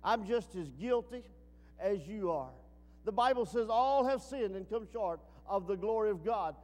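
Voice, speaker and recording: A man preaching a sermon, swinging from emphatic peaks down to low, quiet asides. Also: expressive, measured pace. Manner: rising to emphatic peaks then dropping low. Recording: long reverb.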